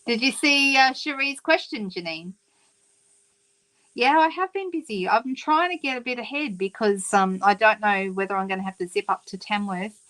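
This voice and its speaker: A woman's voice: on the high side, normal speed, long pauses, a bit bright, rough recording. An Australian woman hosting a papercraft livestream, chatting casually and greeting viewers by name with plenty of ums. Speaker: papercraft demonstrator and host.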